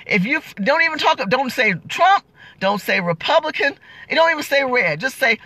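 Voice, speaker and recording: A woman's voice: sits high, big pitch swings, normal speed, bright, forceful tone, no room sound. A woman hosting a political livestream, talking in an emotional, emphatic, preachy way as she answers viewer comments.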